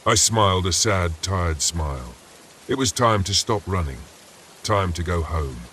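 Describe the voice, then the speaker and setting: A man narrating a first-person scary story in a steady, measured way. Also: deep voice, slight background noise.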